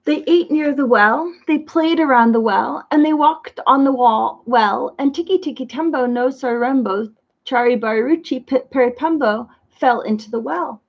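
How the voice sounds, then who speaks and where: A woman reading a children's story aloud in an expressive storytelling manner. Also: high-pitched, normal speed. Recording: muffled lo-fi recording.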